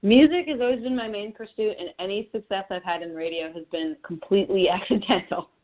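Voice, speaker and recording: A young woman from Connecticut talks about her music in a phone interview, relaxed and chatty and quick to laugh. Her voice sits mid-range. It comes down a thin, tinny phone line. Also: mid-range voice. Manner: chatty, laughs easily, restarts often. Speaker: singer-songwriter guest.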